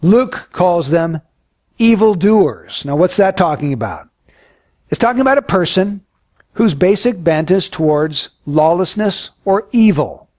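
A man preaching a sermon in an earnest, emphatic way, often dropping to a hushed, solemn tone. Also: high voice, lively intonation, unhurried, no room sound, clean studio sound.

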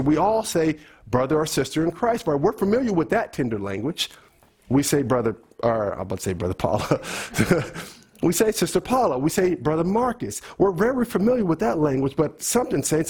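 Preacher, male, earnest sermon delivery with a husky, raised voice. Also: a little high, big pitch swings, brisk, a little mellow. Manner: earnest, preaching to the congregation with questions.

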